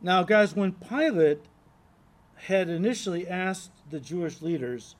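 High-voiced man preaching a sermon. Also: a little slow. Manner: earnest, emphatic teaching, addresses listeners as "guys"; reads scripture aloud and explains it. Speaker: pastor. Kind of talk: expository sermon.

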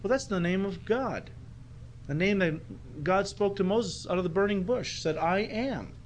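A man's voice: sits high, a little slow, slight background noise. A man preaching an expository sermon in a conversational way, acting out quoted lines as he teaches. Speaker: pastor.

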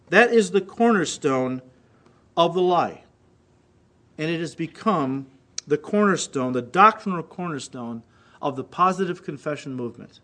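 High-pitched guy preaching a sermon, acts out the quotes he reads. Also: expressive, normal speed, a bit bright. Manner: reads quotes aloud, mimicking voices with rising intensity. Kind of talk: recorded sermon.

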